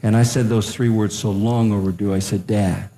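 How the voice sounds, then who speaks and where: An older man doing stand-up comedy, telling family stories that swing between high excited bits and low, earnest storytelling. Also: brisk, reverberant.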